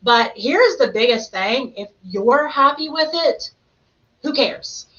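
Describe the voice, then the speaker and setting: A woman hosting a podcast in casual chat, talkative and animated, often slipping into playful quoted voices. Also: sits high, takes it slowly, lo-fi sound. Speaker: podcast host.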